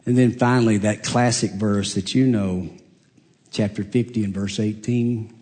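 A man preaching a sermon, earnest and confessional, swinging from raised emphatic peaks down to near-whispered hushes. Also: fairly even intonation, unhurried. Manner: emphatic, rising high then dropping to near-hush.

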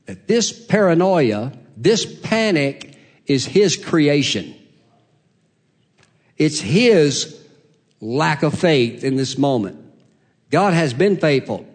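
Soft-spoken preacher, man, sermon voice. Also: mid-range voice. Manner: soft-spoken, dropping to a whisper for God's voice; reads scripture in King James wording.

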